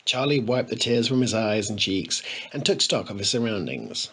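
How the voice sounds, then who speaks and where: A man narrating a comic story in a playful, expressive way. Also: lowish voice, normal speed, slightly rough. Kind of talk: storybook reading.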